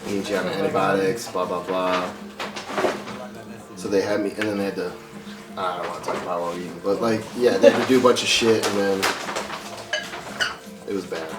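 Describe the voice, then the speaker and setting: A man's voice: sits low, steady tone, moderate pace, pauses often, recorded from a distance, very noisy. A man telling a long, profane story in casual chat, acting out the people he quotes. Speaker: podcast guest. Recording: roomy, off-mic with loud music behind.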